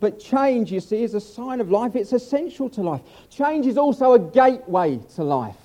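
A man's voice: very high-pitched, animated, normal speed, mellow. An older man preaching a humorous sermon, chatty and self-mocking as he tells stories.

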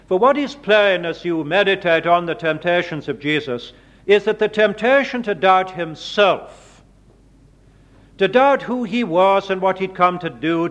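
Slow, high-voiced male preacher. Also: a bit bright. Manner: slow, deliberate preaching with dramatic emphasis on quoted words. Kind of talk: sermon. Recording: dull lo-fi sermon recording.

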